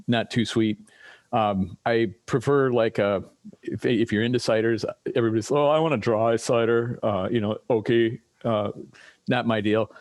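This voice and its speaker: A man in casual chat over drinks, telling rambling stories with lively quoted voices as a podcast guest. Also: mid-range voice, dry recording.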